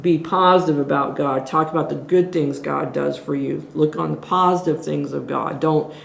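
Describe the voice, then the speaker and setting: A woman's voice: low-pitched, fairly even intonation, moderate pace, creaky. A woman leading a group Bible study, teaching in an earnest, exhorting way as she thinks aloud. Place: church meeting room. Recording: echoey room.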